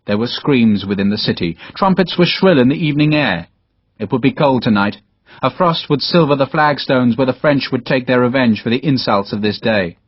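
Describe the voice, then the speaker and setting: A man's voice: mid-range voice, lively intonation, moderate pace, breathy edge, no echo. A man narrating an audiobook dramatically in a dull, dry lo-fi recording. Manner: dramatic storytelling, voices all characters. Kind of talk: scripted narration.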